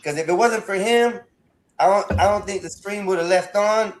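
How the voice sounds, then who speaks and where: A man with a somewhat high voice spins a long, rambling story on a casual podcast stream. He stammers and repeats himself, piling one detail on the next. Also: normal speed. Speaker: podcast host.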